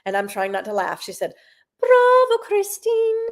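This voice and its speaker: A middle-aged woman from South Carolina, a Broadway singer chatting as a guest and telling stories with lively, half-sung bits. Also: medium pitch, quick pace, vocal fry. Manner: animated storyteller, sings snatches of lines. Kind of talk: casual interview chat.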